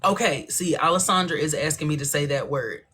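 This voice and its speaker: Low-voiced Louisiana woman chatting on live. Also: a bit bright, slight background noise. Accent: northern Louisiana Southern. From northern Louisiana. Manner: playful, chatty, teasing, quick asides. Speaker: livestream host. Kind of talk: casual livestream chat reading viewer comments. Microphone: phone livestream.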